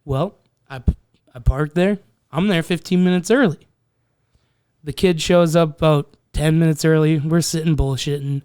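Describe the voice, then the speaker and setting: A young man telling a story on a podcast, swearing a lot and talking in an animated way. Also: fairly high pitch, moderate pace, smooth, dry recording, clean studio sound. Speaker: podcast co-host. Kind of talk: casual chat.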